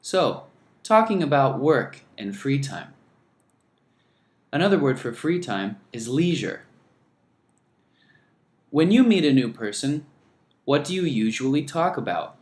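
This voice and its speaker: A man teaching an English lesson, speaking slowly and deliberately and modelling phrases for learners to repeat. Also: medium pitch, very animated, darkish tone, reverberant. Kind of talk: scripted lesson narration.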